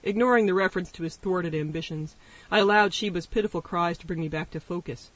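A man narrates an audiobook with wry first-person storytelling. His voice sits high for a man, and he sounds distant from the microphone. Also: fast talker, a bit bright, no room sound. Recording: voice distant from the mic.

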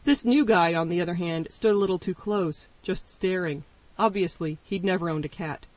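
High-voiced man narrating an audiobook. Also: normal speed, no echo. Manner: wry first-person storytelling. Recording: voice distant from the mic.

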